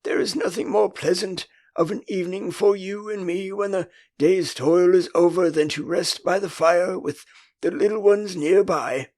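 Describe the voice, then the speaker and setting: A man's voice: sits high, moderate pace, a little mellow, dry recording. An older man with an English accent voicing a boyish, puzzled boy who won't grow up in a storybook audiobook.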